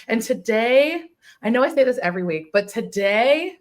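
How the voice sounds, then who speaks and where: A woman's voice: on the high side, expressive, moderate pace. A woman hosts a casual podcast with a slightly raised voice. She gushes with feeling and piles up repeated words for emphasis. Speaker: podcast host.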